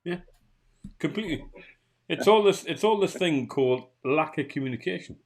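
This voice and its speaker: A man's voice: a little high, animated, normal speed. A man with a Geordie accent, co-hosting a podcast and grumbling in a casual chat, full of restarts and swearing. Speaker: podcast co-host.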